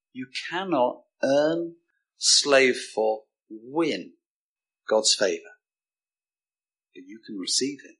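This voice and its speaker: Husky-voiced male preacher, slow and emphatic. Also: on the low side, sharp tone. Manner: emphatic, with dramatic pauses and repetition. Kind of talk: sermon.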